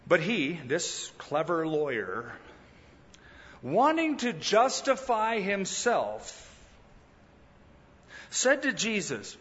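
A male pastor delivers a sermon with a fairly high, very lively voice that swoops up and down as he acts out the people he quotes. The sound is somewhat dull, with a long reverb trailing off in a hall. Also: a little slow. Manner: animated preaching that acts out quoted speakers.

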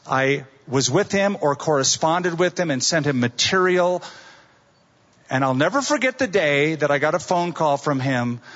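A man's voice: on the high side, a bit bright. Middle-aged male preacher, storyteller who acts out quotes, muffled lo-fi recording. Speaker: pastor. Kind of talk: sermon.

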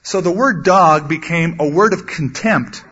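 A man preaching a sermon, earnestly teaching from the Bible and acting out quotes with sudden loud bursts. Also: fairly high pitch, unhurried, slightly rough. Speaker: pastor. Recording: dull lo-fi sermon recording.

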